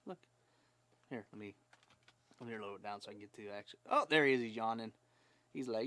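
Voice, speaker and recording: A man's voice: medium pitch, fairly quick, no room sound. Chatty man hosting a live stream. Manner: rambling, chatty, with many fillers. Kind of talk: casual live stream chat.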